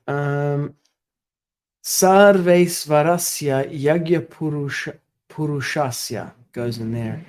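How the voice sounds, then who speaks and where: A man reading a scripture commentary aloud, then talking casually through edits and pronunciations, pausing to check words. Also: mid-range voice, a little mellow. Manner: careful, pauses to check wording and pronunciation. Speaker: scripture reader and editor.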